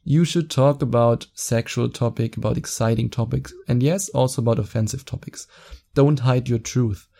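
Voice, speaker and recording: A young man hosting a podcast, giving excited, fast-talking advice in a casual solo chat, quick to laugh. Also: mid-range voice, creaky. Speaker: podcast host.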